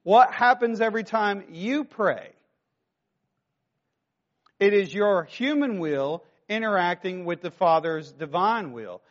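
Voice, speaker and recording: High-voiced preacher, chatty and lo-fi. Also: male voice, expressive, slow pace. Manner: conversational preaching with rhetorical questions. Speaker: pastor. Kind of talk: sermon.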